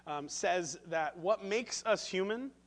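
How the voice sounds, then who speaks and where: Male pastor, high-pitched, animated sermon storyteller with a self-deprecating streak. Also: takes it slowly.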